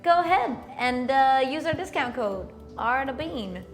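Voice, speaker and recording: A woman's voice: high-pitched, expressive, unhurried. Chatty young woman hosting over music. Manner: chatty, lots of likes and fillers. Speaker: host. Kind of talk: casual chat while styling a wig.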